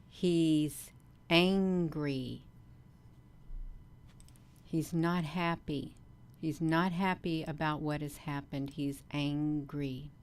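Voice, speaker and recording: Slow, low-voiced woman vlogging. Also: clear, resonant tone. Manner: slow, earnest, repetitive, with many ums. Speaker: channel host. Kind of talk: casual livestream vlog.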